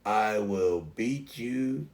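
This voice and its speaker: A man voicing a grumpy male dog who wants to fight everyone, in a low, slow, threatening mutter. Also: lively intonation, darkish tone, exaggerated voice.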